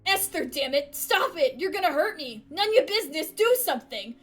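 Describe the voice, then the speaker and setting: A woman's voice: fairly high pitch, moderate pace, lightly acted. A woman voicing a weary middle-aged father in a game, exasperated and then pleading. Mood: panicked.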